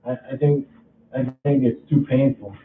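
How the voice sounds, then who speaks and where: A man's voice: medium pitch, reverberant, recorded from a distance, narrow, tinny audio, a little hiss or hum. A man casually vlogging at home, rambling and restarting his sentences as he talks through a chore. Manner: rambling, repeats himself, halting restarts.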